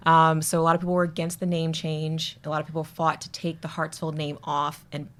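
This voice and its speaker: Speaking fairly quickly in a low voice, this Atlanta woman is a guest on a podcast, swapping family stories casually. She's a lively storyteller who performs the voices of whoever she's quoting.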